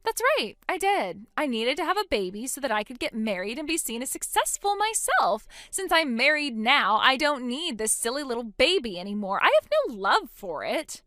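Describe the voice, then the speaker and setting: A woman's voice: high-pitched, very animated, normal speed, few pauses, pushed and bright, dry recording, clean studio sound, heavily acted. A woman voicing a selfish young mother who dismisses her own baby, in scripted dialogue. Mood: scornful. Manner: scornful, dismissive, sneering. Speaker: voice actor in a text-story drama.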